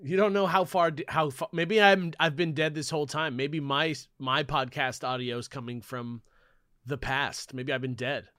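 Bright-voiced joking male podcast co-host. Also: fairly high pitch, fairly even intonation, moderate pace, no echo, studio quality. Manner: jokey, riffing, laughs often. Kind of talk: casual comedic chat.

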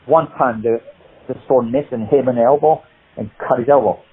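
A man telling animated, rambling stories in an interview. His voice is husky and comes through a thin, phone-like line. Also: mid-range voice, brisk. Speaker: guest, martial arts actor. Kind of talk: anecdotal interview chat.

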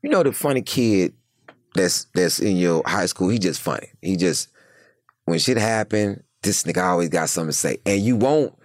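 A man with a gravelly voice telling profane, animated stories from his past in a casual chat, acting out other people's lines. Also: deep voice, normal speed, dry recording, clean studio sound. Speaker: guest telling prison stories. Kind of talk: casual storytelling.

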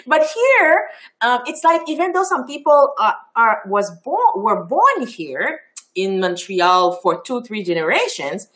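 A woman from Haiti with a Haitian accent, a native Creole speaker, answering interview questions in an animated, expressive way with many ums and restarts. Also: a little high, a little slow. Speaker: festival founder, interview guest.

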